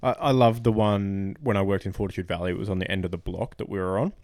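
A man's voice: deep voice, steady tone, fast, darkish tone, no room sound, studio quality. A young Australian man co-hosting a casual sports podcast, joking and laughing often as he chats. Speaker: podcast co-host. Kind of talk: casual chat.

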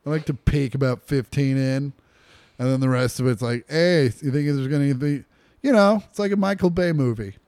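A man's voice: medium pitch, normal speed, darkish tone, no room sound. A man co-hosting a podcast in a casual, joking and crude manner. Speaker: podcast co-host. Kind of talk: casual chat.

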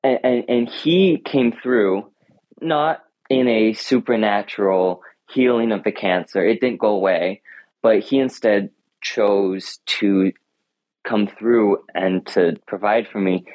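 Teen male interviewee, thoughtful and sincere, lowish voice, muffled lo-fi sound. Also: no room sound. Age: teens. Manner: earnest, reflective, with many restarts. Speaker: high school runner, interview guest. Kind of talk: interview answers. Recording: dull lo-fi sound.

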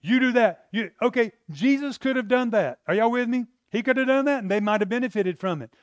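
A man preaching a sermon in a conversational way, acting out quotes and building to loud emphasis. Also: extremely high pitch, lively intonation, quick pace, dry recording, clean studio sound. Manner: conversational, acts out voices, rising to loud emphasis.

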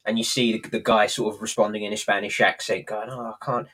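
A man's voice: fairly low pitch, little pitch movement, fast talker, fairly bright tone, breathy edge. A man co-hosting a podcast, rambling through a recap with lots of ums and self-mocking laughs. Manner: rambling, hesitant, laughs at himself. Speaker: podcast co-host. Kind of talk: casual chat.

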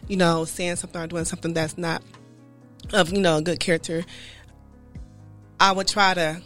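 A woman's voice: on the low side, fairly bright tone. A woman in casual chat who talks bluntly and candidly, acting out other voices in her stories.

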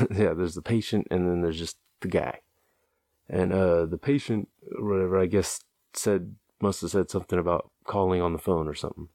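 Man, deep voice, casual rambling storytelling, amused, profane, dry close sound. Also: fairly even intonation, moderate pace, darkish tone, no echo. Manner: rambling, amused, loose and profane, chuckles at his own story.

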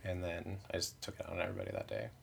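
A man's voice: deep voice, expressive, racing, vocal fry, a little hiss or hum. A man who performs in drag, chatting candidly in an interview with many "like" fillers and self-mocking asides. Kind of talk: casual interview chat.

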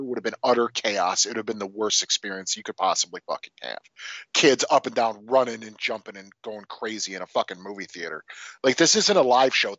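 A man's voice: medium pitch, a bit bright, no room sound, lo-fi sound. A man in his forties, a podcast co-host, ranting profanely and with exasperation about a film in casual chat.

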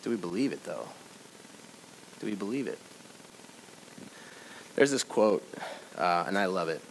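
A pastor giving a sermon, shifting from loud urging to quiet, conversational reflection. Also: male voice, sits low, lively intonation, a little slow, a little hiss or hum, poor audio. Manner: swings from loud exhortation to soft reflection; conversational storytelling with fillers.

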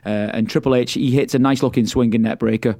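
A man co-hosts a podcast, recapping a wrestling show play by play in casual, chatty talk, laughing often and repeating his words. His medium-pitched voice is a little mellow, with fairly even intonation and a quick pace, in a dry recording.

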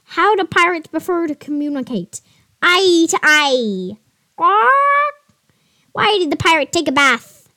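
A woman's voice: animated, a little slow, no room sound, studio quality, full character voice. A woman voicing a cheeky, squawking pirate parrot who keeps butting in to tell jokes. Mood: joking. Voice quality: squawking, loud and shrill.

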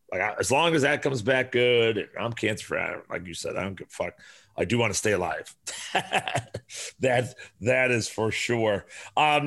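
Male podcast host in his forties. Gravelly and tense in tone. Profane, rambling storyteller. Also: medium pitch, pushed and bright. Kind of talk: casual podcast chat.

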